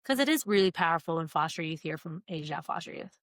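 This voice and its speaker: A woman's voice: sits low, fast talker, dry recording, studio quality. A woman interviewed as a guest, an earnest storyteller who acts out what others said. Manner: earnest, animated storyteller acting out quotes. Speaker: guest, nonprofit founder. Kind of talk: casual interview conversation.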